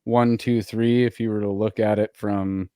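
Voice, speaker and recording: A man's voice: fairly low pitch, flat delivery, moderate pace, mellow, no echo, clean studio sound. A man hosting a podcast in casual chat, laid-back and a little drunk, laughing and saying "dude" a lot. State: tipsy from drinking. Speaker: podcast host.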